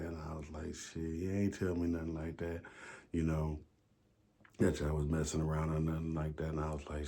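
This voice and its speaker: A low-voiced man with a gravelly, husky edge tells a story casually. He swears freely and keeps slipping into what each person said, acting out the back-and-forth. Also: mellow. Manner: loose, profane retelling full of quoted back-and-forth.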